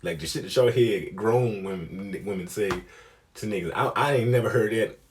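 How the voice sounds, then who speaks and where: A young man telling a comic story, profane and animated, acting out the people he quotes. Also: on the low side, moderate pace, a little hiss or hum. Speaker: comedian. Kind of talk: storytelling comedy.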